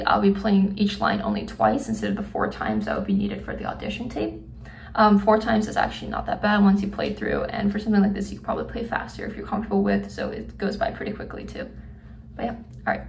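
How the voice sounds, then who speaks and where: A woman's voice: medium pitch, quick pace, gravelly, distant mic. Young woman teaching a drum part. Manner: counts beats aloud while drumming; relaxed, many fillers. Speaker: student drum instructor. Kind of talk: casual instructional demo. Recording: echoey room, off-mic, faint noise.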